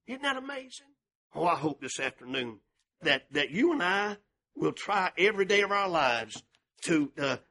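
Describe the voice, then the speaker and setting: An older male pastor preaching with passion, swinging between shouted and hushed delivery. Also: on the high side, breathy edge. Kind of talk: sermon.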